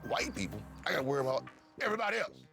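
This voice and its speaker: Animated man acting out his own story. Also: mid-range voice, rapid-fire, vocal fry, faint music behind. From Cleveland, USA. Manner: profane, acts out dialogue, repeats words in bursts. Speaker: interviewee.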